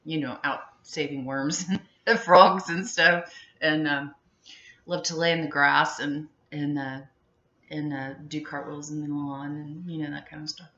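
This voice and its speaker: A woman's voice: low-pitched, steady tone, unhurried, bright, forceful tone. A middle-aged woman chatting in a loose, rambling vlog monologue, full of fillers and giggles. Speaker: vlogger. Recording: muffled, echoey room.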